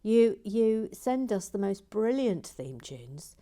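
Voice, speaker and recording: A woman hosting a LEGO building channel, chatting casually and playfully as she builds and reads out viewer messages, often dropping into soft whispers and muttering to herself. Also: medium pitch, sing-song, takes it slowly. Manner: hums and mutters while working.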